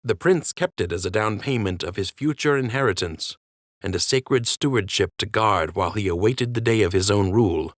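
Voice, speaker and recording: A man voicing a solemn male rabbit king who speaks gravely and earnestly. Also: on the low side, moderate pace, dry recording, clean studio sound, natural voice.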